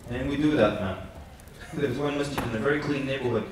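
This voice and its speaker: A man preaching at a youth conference, telling lively stories with jokes and acting out quotes. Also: mid-range voice, brisk, slight background noise. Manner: animated storytelling with jokes and acted quotes. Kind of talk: conference lecture. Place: large conference hall. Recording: echoey hall from far off.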